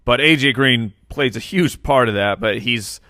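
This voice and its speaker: A playful man co-hosting a podcast, his voice bright and forward. He hams up ad reads with drawn-out emphasis. The recording is dry and close. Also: medium pitch, dry recording. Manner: playful, hams up announcements and ads. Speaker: podcast co-host. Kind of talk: casual podcast chat and sponsor read.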